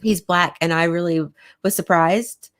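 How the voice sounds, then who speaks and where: A woman's voice: lowish voice, fairly even intonation, unhurried, fairly bright tone. A woman co-hosting a casual chat show, rambling and self-deprecating, laughing often as she talks. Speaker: podcast co-host.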